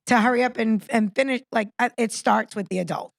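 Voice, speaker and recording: A woman's voice: a little high, brisk, vocal fry, no room sound, studio quality. Fired-up woman ranting on a podcast. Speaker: podcast co-host. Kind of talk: casual podcast chat.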